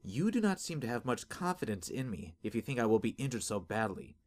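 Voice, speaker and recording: A man's voice: sing-song, a little fast, lightly acted. A man voicing a devoted young woman healer who sounds anxious yet determined. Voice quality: anxious, determined, higher-pitched.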